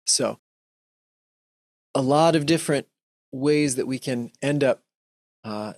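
A man giving a gentle, earnest talk to a Christian audience, often restarting his sentences and acting out short examples. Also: mid-range voice, creaky, no echo, studio quality. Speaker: speaker giving a Lenten talk.

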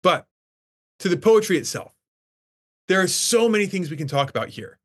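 Male English professor with a slightly high voice, enthusiastic classroom lecturer. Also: big pitch swings, normal speed. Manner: enthusiastic, emphatic about the poetry.

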